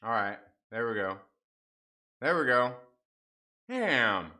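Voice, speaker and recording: Young man, livestream host, bright voice, casual and profane, fumbling with stream settings, chatting with viewers. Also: mid-range voice, sing-song, takes it slowly. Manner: frustrated, swearing, laughing off a stream mix-up.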